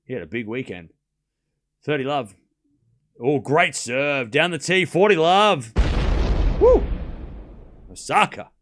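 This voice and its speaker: A man's voice: on the high side, lively intonation, slow, pauses often, background noise. Chatty man calling tennis live. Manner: chatty, joking asides mixed with play-by-play. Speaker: tennis watchalong host. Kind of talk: live streamed match commentary.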